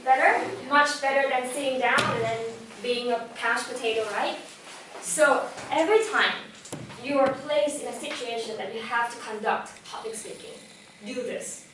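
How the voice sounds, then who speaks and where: A young woman whose first language is Vietnamese, giving a lively, direct talk on public speaking to a live audience. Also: sits high, moderate pace, noisy background. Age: young adult. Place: event hall. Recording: echoey hall, voice from far off.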